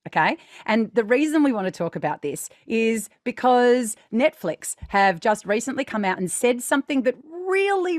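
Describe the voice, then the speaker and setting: A woman's voice: mid-range voice, no room sound, studio quality. A woman hosting a podcast as a voice coach, explaining exercises patiently and checking in with "right?" and "okay?". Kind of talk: instructive podcast chat.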